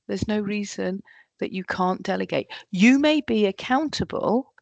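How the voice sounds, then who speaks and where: A woman's voice: mid-range voice, creaky, no room sound. A woman giving a leadership workshop talk, often acting out what colleagues say. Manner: lively, acts out quoted colleagues. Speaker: workshop trainer.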